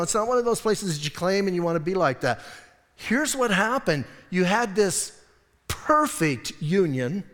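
A middle-aged male pastor preaching a sermon in a church, lively and joking, acting out quoted voices. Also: high voice. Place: church sanctuary. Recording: long church reverb.

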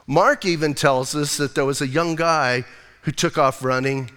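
A man's voice: on the high side, moderate pace, clear, resonant tone. A man preaching a casual, jokey sermon as pastor, acting out the Bible scenes in voices. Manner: animated, jokey, slips into voiced characters. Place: church sanctuary. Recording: long hall reverb.

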